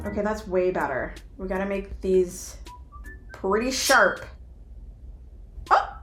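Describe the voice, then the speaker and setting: A woman's voice: mid-range voice, lively intonation, a little slow, pauses often. A young woman vlogger chatting playfully through a makeup tutorial, with self-mocking asides. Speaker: beauty vlogger. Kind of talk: casual makeup tutorial chat. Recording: echoey room with background music.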